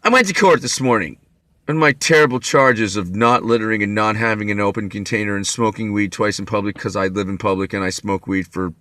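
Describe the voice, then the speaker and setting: A man's voice: sits low, fairly bright tone, dry recording. A man telling a long, rambling story to camera, profane and wry. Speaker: vlogger. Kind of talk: rambling monologue.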